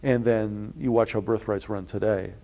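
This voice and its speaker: A man speaks at a moderate pace in a fairly low, steady, creaky voice. He's a blogger being interviewed, spinning long, wandering stories about his experiences with frequent restarts and an indignant edge, loudly acting out what others said.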